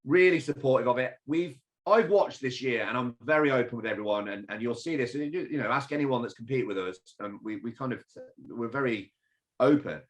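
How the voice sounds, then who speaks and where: A man from England talks as a guest on a fitness podcast. He tells stories with plenty of energy, blunt and sometimes swearing, in a voice of ordinary pitch. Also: fairly quick. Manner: animated, swears, storytelling. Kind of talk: casual interview chat.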